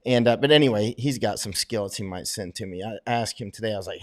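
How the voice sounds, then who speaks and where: A man's voice: fairly low pitch, quick pace. Rambling man chatting. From United States. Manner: rambling, with many fillers and restarts. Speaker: livestream host answering viewer questions. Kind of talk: casual livestream chat.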